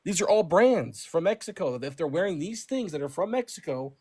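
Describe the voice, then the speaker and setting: A man's voice: high voice, expressive, brisk, a crowd in the background. A man calling into a heated online debate, defensive and mocking toward the others. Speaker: debate caller.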